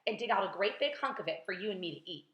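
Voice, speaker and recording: A woman reading aloud, voicing a greedy, excitable aunt who shouts and gushes. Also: mid-range voice, quick pace, natural voice. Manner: loud, gushing. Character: greedy, excitable, fat middle-aged aunt. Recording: roomy echo.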